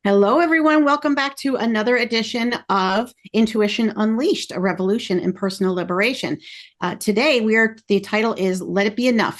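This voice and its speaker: A woman hosting a podcast interview, chatting in an excited, effusive and rambling way. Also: medium pitch. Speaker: podcast host. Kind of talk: casual interview chat.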